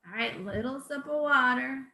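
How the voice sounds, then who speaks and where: A woman speech therapist calmly leading a class through voice exercises, explaining each drill and counting out the repetitions. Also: high-pitched, moderate pace. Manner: calm, instructive, counts out drills. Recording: echoey room.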